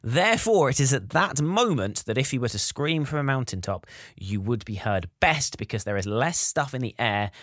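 A man's voice: medium pitch, animated, moderate pace, a bit bright, dry recording, studio quality. A young man co-hosting a podcast, explaining things patiently and step by step in casual chat. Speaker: podcast co-host.

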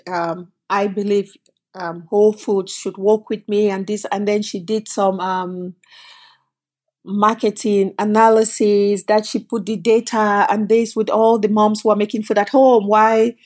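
A middle-aged Cameroonian woman, founder of a food company, tells her story as an interview guest. Her voice is medium-pitched and a little mellow, and she acts out the voices of people she quotes.

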